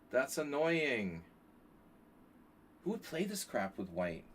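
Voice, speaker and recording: A man's voice: medium pitch, very animated, slow pace, long pauses, slightly rough. A man streaming blitz chess, thinking aloud through his moves and chatting with viewers as he plays. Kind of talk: live stream commentary while playing blitz chess.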